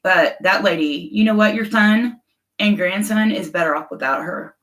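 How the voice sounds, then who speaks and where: A woman's voice: medium pitch, moderate pace, fairly bright tone, rough recording. A middle-aged woman hosting a casual livestream, reading viewer comments and talking bluntly and emotionally, often laughing. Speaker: livestream host chatting with viewers.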